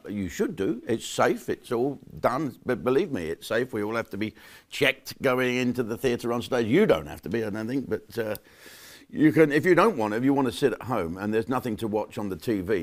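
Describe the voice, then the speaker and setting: A middle-aged comedian talks straight to camera in a brash, mocking monologue. His voice sits fairly low. He jumps from loud jokes to quiet muttered asides. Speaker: comedian hosting his own channel.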